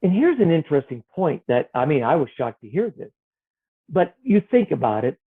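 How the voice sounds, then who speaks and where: A man, an author, talking earnestly and gently about faith and self-worth, sometimes acting out the voices in his head. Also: a little high, very animated, fairly quick, husky. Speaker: author guest. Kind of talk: reflective spiritual conversation. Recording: tinny phone-like line.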